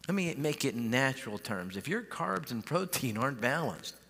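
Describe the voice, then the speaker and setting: A man's voice: mid-range voice, very animated, normal speed, gravelly, a bit bright, slightly rough. A male pastor preaching a sermon in a large church, folksy and conversational, often repeating his starts. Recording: long church hall reverb.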